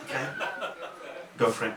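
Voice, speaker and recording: Laughing compere in an echoey club. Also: male voice, normal speed, a crowd in the background. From Leeds, England. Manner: bantering, laughing, swings from mutters to shouts. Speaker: comedy compere. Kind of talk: live stand-up crowd work. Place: comedy club stage. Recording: echoey club, distant mic, loud noise.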